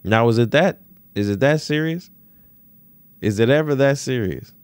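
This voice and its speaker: A man's voice: mid-range voice, animated, moderate pace, clean tone, no room sound. A man hosting a solo podcast, telling a story in a casual, slangy way and often checking in with rhetorical questions. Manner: profane, slangy, with stammered restarts. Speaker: podcast host.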